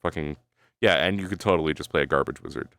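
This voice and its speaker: A man's voice: very deep voice, fast talker, fairly bright tone, clear, resonant tone, dry recording, studio quality. A male streamer chatting casually with his viewers, thinking aloud, swearing freely and tagging his sentences with "right?". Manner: rambling, swears freely, keeps adding "right?"; talks to his chat while thinking aloud. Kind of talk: casual live-stream chat.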